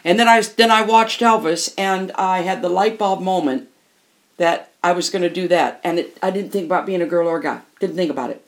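A woman's voice: fairly low pitch, fairly quick. An older woman, a musician and interview guest, telling candid stories in an emphatic way and often repeating phrases for emphasis.

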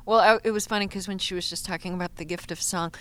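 A woman with a lowish voice speaks as a musician guest in an interview. She is reflective and a little wry, musing out loud. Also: steady tone, quick pace. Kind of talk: conversational interview.

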